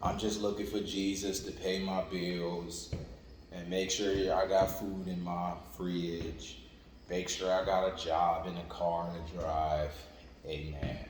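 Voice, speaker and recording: A man's voice: deep voice, flat delivery, slow pace, a little hiss or hum. A man preaching an informal sermon in a conversational, repetitive way, with lots of "like" and "you know what I'm saying". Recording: echoey room with long reverb and faint ambience.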